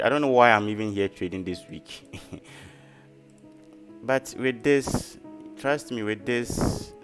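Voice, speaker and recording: A man hosting a casual trading live stream, chatty and repeating key phrases for emphasis. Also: fairly low pitch. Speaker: trading livestream host.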